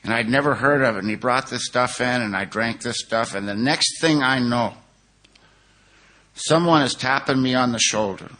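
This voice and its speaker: A man's voice: medium pitch, normal speed, bright, forceful tone. A middle-aged man from California telling his personal recovery story to a conference audience, earnest and conversational, with frequent "you know.".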